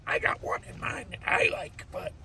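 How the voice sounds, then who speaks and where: A man's voice: moderate pace, noisy background. An older man rambling and swearing in a casual monologue, laughing to himself as he talks in his car. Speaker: vlogger.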